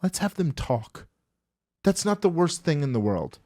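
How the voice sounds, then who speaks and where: Male podcast host, higher-pitched voice, animated and profane delivery. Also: measured pace. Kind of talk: casual political podcast chat.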